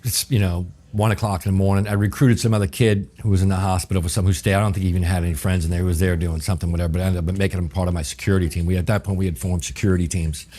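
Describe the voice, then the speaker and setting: Low-voiced New man telling stories. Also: little pitch movement, very fast, few pauses, dark tone. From New Orleans, USA. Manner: vivid, profane storyteller acting out dialogue. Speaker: guest chef. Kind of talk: casual storytelling interview.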